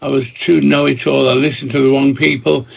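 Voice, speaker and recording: A record producer and DJ, interviewed over tinny phone-line audio, wanders through long stories in bursts, restarting sentences and repeating himself a lot. His husky, gravelly voice is medium-pitched and level in tone, moving a little fast.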